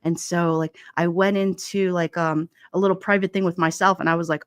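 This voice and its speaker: A woman's voice: on the low side, fairly even intonation, a little fast, smooth, dry recording, clean studio sound. Chatty woman. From Brooklyn, New York. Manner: chatty, laughs often, many fillers. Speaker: livestream host. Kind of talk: casual chat reading viewer comments. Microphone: headset mic with headphones.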